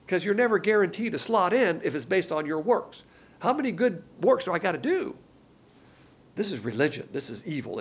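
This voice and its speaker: A man's voice: fairly high pitch, gravelly, slightly rough. A man preaching a sermon, colloquial and emphatic, with slangy asides.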